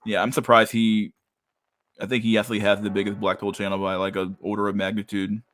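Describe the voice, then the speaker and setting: A man's voice: lowish voice, little pitch movement, brisk, fairly bright tone. A young man hosting a casual livestream, talking in a crude, profane way while reacting to chat. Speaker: livestream host.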